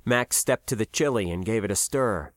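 A man narrating a science fiction story in a measured, expressive way. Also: lowish voice, no room sound, studio quality. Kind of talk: audiobook narration.

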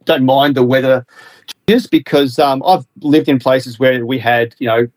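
A man's voice: mid-range voice, measured pace, darkish tone, no echo. An Australian man chatting as a podcast guest, talking at length with frequent restarts and fillers. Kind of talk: casual podcast chat. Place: home in Melbourne, remote call.

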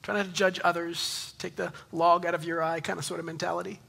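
A man in his thirties preaching a sermon in an animated, conversational way, joking with the congregation. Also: on the high side, a little fast, vocal fry, breathy edge. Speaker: pastor. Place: church in Texas.

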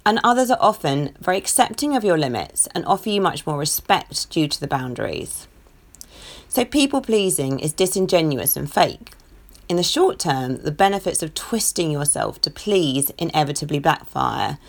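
Woman, podcast host, low gravelly voice, gentle and sincere personal talk. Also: sing-song, moderate pace. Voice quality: croaky today. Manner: gentle, earnest, self-disclosing.

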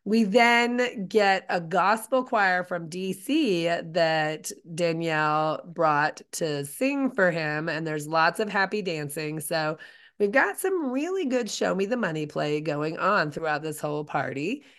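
Conversational woman with a lowish voice. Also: slow pace. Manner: conversational, expressive, full of filler words. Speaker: podcast co-host. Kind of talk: casual chat recapping a reality show.

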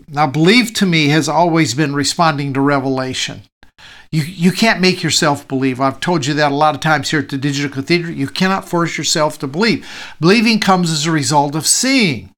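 A man preaching a sermon, his voice sitting a little high for a man. He talks in a relaxed, conversational way and keeps circling back to the same phrases to drive them home. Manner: repeats key phrases for emphasis, conversational. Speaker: pastor.

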